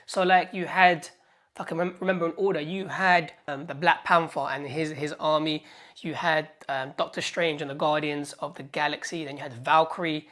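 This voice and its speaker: A British woman hosting a casual film review vlog, excitable and rambling, with lots of fillers and restarts. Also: sits low, normal speed. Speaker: YouTube host.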